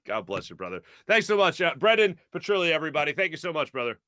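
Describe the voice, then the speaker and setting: Animated, bright-voiced male show host. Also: a little high, brisk, no room sound, studio quality. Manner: playful, animated, laughs often. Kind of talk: casual sports talk show chat.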